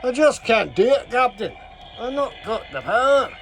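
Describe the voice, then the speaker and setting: A harried Scottish starship engineer, middle-aged and pleading, as a man puts him on. The voice jumps up high and strained, drawn out slowly in a put-on Scottish accent. It is theatrical, in the manner of old sci-fi television. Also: big pitch swings, a bit bright, full character voice.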